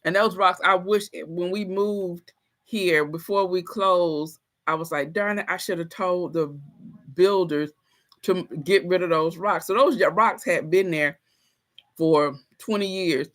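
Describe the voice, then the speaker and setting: A woman's voice: on the low side, measured pace. A woman hosting a casual livestream, chatting straight to her viewers and telling stories playfully, often laughing. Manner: animated, playful storytelling with frequent laughter. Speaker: livestream host reading chat.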